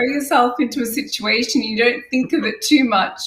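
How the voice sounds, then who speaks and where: Higher-voiced woman recounting, roomy distant sound. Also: moderate pace. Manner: lively, candid, full of restarts. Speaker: podcaster guest. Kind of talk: casual interview storytelling.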